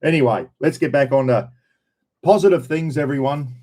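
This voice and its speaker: With a dark, medium-pitched voice at normal speed, an older man with an Australian accent runs a relaxed live stream. He calls out viewers by name, talks bluntly and chattily, and curses without holding back.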